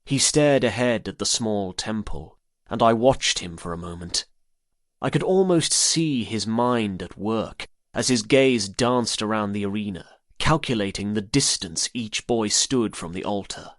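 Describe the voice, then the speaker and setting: A man reading a first-person story as an audiobook narrator, in a measured, even way. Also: lowish voice, no room sound, studio quality.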